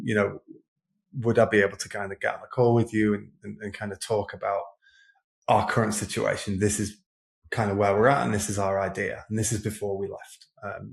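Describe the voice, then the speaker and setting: A man's voice: on the low side, creaky. A man talking as a podcast guest in a casual interview, rambling and hesitant with many restarts. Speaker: podcast guest, print shop owner. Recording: roomy echo.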